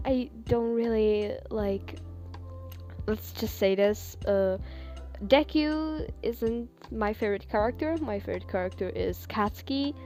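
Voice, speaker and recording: A woman's voice: mid-range voice, a little mellow. Casual woman reading fan fiction. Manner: casual, with fillers and small laughs. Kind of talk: casual storytelling and chat.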